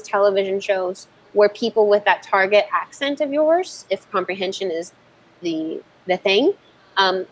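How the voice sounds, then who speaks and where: A woman's voice: medium pitch, a little hiss or hum, poor audio. Woman casually coaching English skills. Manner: conversational, often checks in with "right?"; thinks aloud with frequent fillers and restarts. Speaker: English communication coach giving a talk. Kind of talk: informal online talk with Q&A.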